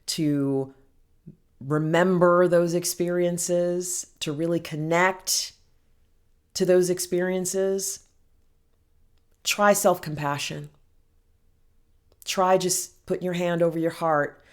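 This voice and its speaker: A woman giving a heartfelt self-help talk as a healing coach, speaking gently and soothingly and calling the listener honey. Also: lowish voice, steady tone, slow, pauses often, smooth. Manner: affectionate, calls listener honey and girl.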